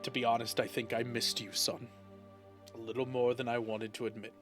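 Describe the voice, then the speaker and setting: A man voicing a proud, furious old father who runs his own establishment, booming threats at his son. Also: little pitch movement, brisk, close to an everyday voice. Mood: contrite. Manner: booming, threatening, then contrite. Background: faint background music.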